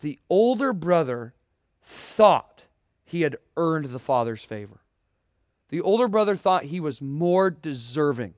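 A man's voice: on the high side, big pitch swings, a little slow, a little mellow, no echo, studio quality. A young man preaching a sermon, earnest and emphatic, asking rhetorical questions and addressing students directly. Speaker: pastor.

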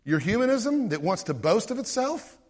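Man preaching, animated sermon, fairly high voice, acts out quotes. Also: normal speed, long reverb tail. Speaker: pastor.

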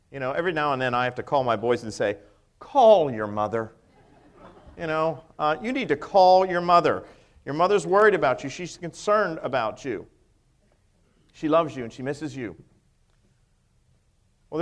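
A middle-aged male pastor preaching a sermon, emphatic, with many rhetorical questions. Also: on the high side.

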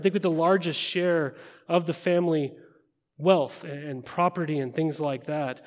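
A man preaching to a gathered room in a slightly high voice, talking as if in conversation and tossing in quick rhetorical questions. His words ring out with a long hall reverb behind them. He sounds like a pastor giving a sermon. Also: a little mellow. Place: large room with an audience.

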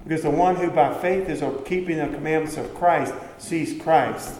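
A man's voice: on the high side, normal speed, darkish tone, slight background noise. A man preaching a sermon in a conversational way, asking the listeners questions and answering them himself. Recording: echoey hall with faint background ambience.

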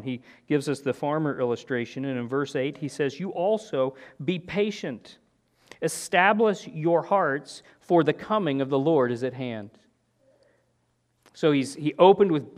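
A man's voice: a little high, a little mellow. Earnest man preaching a sermon. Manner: earnest, with rhetorical "right?" and frequent restarts. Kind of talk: expository sermon.

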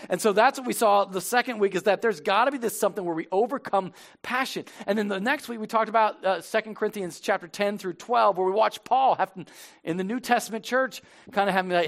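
A middle-aged man, a lead pastor, preaching a sermon in a church in a casual, animated way. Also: sits high, brisk, gravelly. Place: church sanctuary.

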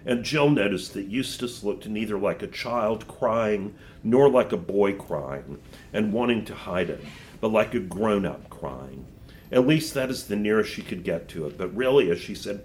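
A man's voice: fairly low pitch, expressive, a little slow, a little hiss or hum. A man reading a story aloud to a class and then explaining it with thoughtful asides. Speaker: teacher.

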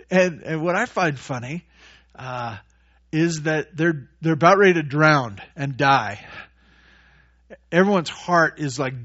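Male pastor preaching; high voice, animated delivery that acts out characters, dull lo-fi recording. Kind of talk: sermon.

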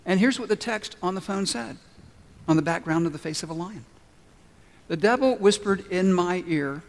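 Earnest pastor in a reverberant hall. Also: male voice, high voice, expressive, normal speed. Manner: earnest, builds to emphatic repetition, softens into prayer. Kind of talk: sermon. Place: church sanctuary.

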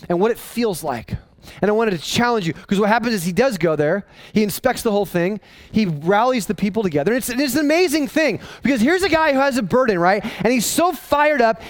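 A man, a pastor, preaching a sermon in an animated way, repeating and restarting phrases as he drives his points home. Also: high-pitched, no echo. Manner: animated, acting out voices of people in the story.

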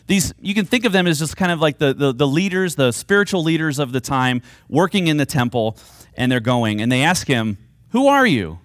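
A man's voice: on the high side, fairly bright tone, no room sound, studio quality. Earnest, emphatic male preacher. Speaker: pastor. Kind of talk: sermon.

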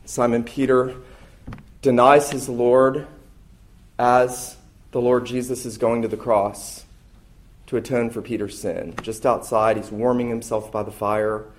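A man's voice: medium pitch, steady tone, measured pace, slight background noise. A man preaching a sermon as a pastor, earnest and emphatic, leaning into key phrases.

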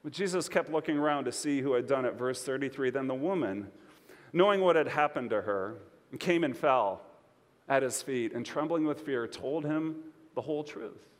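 A man preaching a sermon as pastor, expressive and conversational, asking his listeners questions. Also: medium pitch, moderate pace, long reverb tail.

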